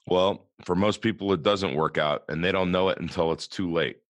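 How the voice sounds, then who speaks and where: A man with a low voice and a West Coast American accent chats casually as a podcast co-host. He often leans on rhetorical questions. The sound is dry and close, with no room around it. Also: fairly even intonation, normal speed, no echo. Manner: conversational, asks rhetorical questions.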